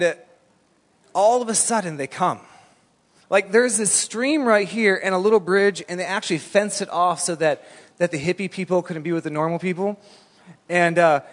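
A man preaching a sermon, telling a story animatedly in a casual, colloquial way. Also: fairly high pitch. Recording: long reverb in a large hall.

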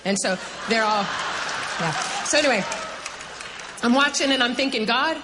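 A middle-aged woman from the United States giving a personal testimony in an earnest, halting, emotional way. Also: on the high side, over a noisy crowd, very noisy. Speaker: testimony speaker. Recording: long hall reverb, faint ambience.

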